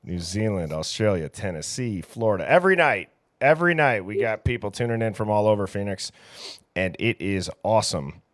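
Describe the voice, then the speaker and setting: Easygoing low-voiced man hosting a livestream. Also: expressive, fairly quick, dry recording, studio quality. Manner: reads chat names aloud, easygoing and chatty. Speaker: livestream host. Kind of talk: casual livestream chat.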